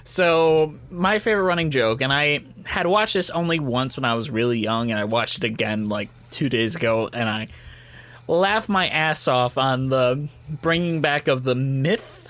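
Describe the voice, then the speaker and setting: A man's voice: medium pitch, measured pace, a bit bright. A man co-hosting a podcast in casual chat, laughing often as he talks. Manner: giggly, laughs often while talking. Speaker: podcast co-host.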